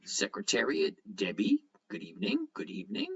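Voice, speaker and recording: Male livestream host, casual and lively, reads out chat, dull low-fi sound. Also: normal speed, creaky. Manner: chatty, greets viewers by name, reads comments aloud. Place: at home.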